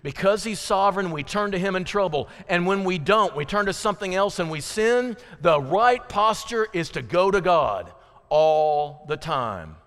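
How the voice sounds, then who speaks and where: An American man preaching a sermon as pastor, swinging from loud, rising passion to low, intimate appeals. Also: lively intonation, moderate pace. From United States. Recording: hall reverb.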